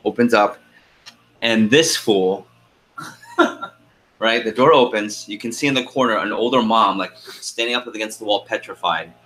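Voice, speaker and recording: A middle-aged man leads a team conference call in an animated, chatty way, laughing as he tells stories before moving to business. His voice sits low yet sounds bright and forward. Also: moderate pace, long pauses. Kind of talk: casual storytelling then call agenda.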